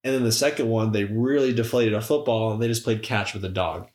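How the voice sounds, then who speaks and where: A man co-hosting a casual movie review podcast, wry and skeptical with quick asides. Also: on the low side, steady tone, a little mellow, reverberant. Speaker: podcast co-host.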